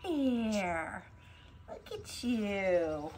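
A woman's voice: mid-range voice, very animated, extremely slow, darkish tone. A woman breeder talking to a puppy in cooing, sing-song baby talk while commenting to the camera. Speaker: dog breeder evaluating a puppy. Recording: noisy background.

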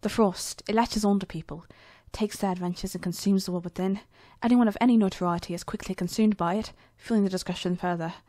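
A woman's voice: medium pitch, steady tone, fast talker, hardly any pauses, dark tone, dry recording, close to an everyday voice. A woman voicing an ageless male space traveler, confident and matter-of-fact, explaining things insistently in a storybook reading.

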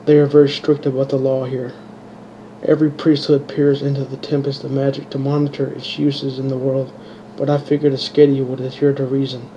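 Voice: medium pitch, flat delivery, a little fast, mellow, a little hiss or hum, lightly acted. A man voicing an imprisoned wizard sending an urgent distant message, in a dull lo-fi recording.

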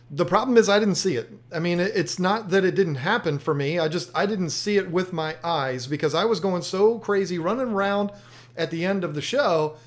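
A man hosting an aquarium channel, telling a story in casual chat, often restarting and repeating himself. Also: on the high side.

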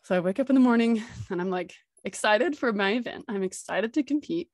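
A woman hosting a podcast, telling a personal story in an excitable, gushing, animated way. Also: medium pitch, a little fast, dry recording, studio quality. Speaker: podcast host.

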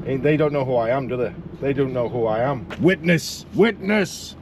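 A man's voice: medium pitch, moderate pace, background noise. A man with a Yorkshire accent, a truck driver vlogging from his cab, ranting and swearing in comic exasperation. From Yorkshire, England. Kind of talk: casual vlog.

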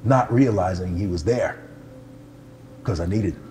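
This is an older man, a pastor, telling a personal testimony with animated storytelling and a self-deprecating sense of humor. His voice sits low. A faint background hiss runs beneath his words. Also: a little slow.

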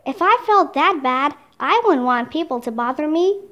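Cautious storybook boy, quiet, careful, read by a woman. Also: sits high, lively intonation, normal speed, muffled recording.

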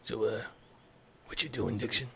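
Brief: bright, wisecracking male gamer host, casual voice chat banter. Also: on the low side, steady tone, normal speed, creaky, a little hiss or hum. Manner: joking, teasing banter. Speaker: gaming channel host.

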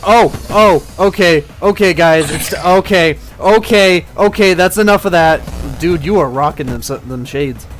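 A man casually commenting on his gameplay, rambling and excitable, swearing at enemies. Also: fairly high pitch, measured pace, hardly any pauses. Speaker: gaming channel host. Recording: faint game music behind. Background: game music.

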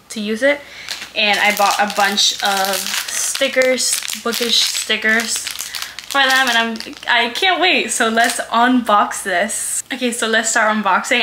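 In this casual unboxing vlog, a young woman with a slightly high, sharp-toned voice gushes, giggles and keeps saying "oh my god." There's a little hiss or hum on the recording.

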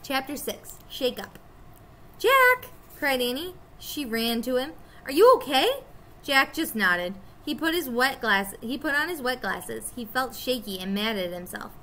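A woman teacher reading a children's chapter book aloud to her students, expressive and storytelling. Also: fairly high pitch, normal speed, hardly any pauses, a little hiss or hum.

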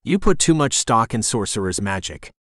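A man's voice: on the low side, sing-song, moderate pace, a bit bright, dry recording, studio quality. A man voicing a cruel, mocking male demon king who taunts his captors in an audiobook. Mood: menacing taunt. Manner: taunting, cackling menace.

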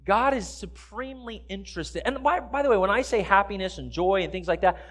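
A man's voice: sits high, a little fast, fairly bright tone. A man preaching a sermon in a church, talking in a conversational way and putting questions to the congregation. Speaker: pastor. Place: church sanctuary.

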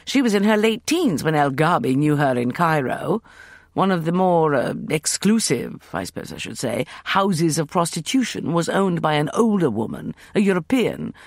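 Gravelly male audiobook narrator. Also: fairly high pitch, sing-song, no room sound, clean studio sound. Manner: measured storytelling.

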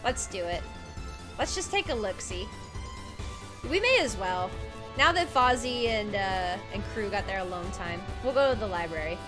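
A young woman in a live game stream chats casually with her audience, giggles, and reads the game's lines out loud, all over background game music. She speaks at a normal speed in an animated, mid-range voice.

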